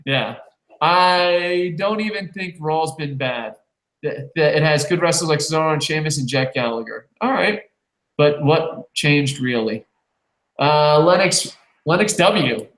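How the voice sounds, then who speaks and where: A man's voice: fairly high pitch, a bit bright. Profane, rambling podcast man in an echoey room. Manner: loose and profane, rambling with quick jokes. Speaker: podcast co-host reading viewer comments. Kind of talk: casual wrestling review chat. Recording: roomy echo.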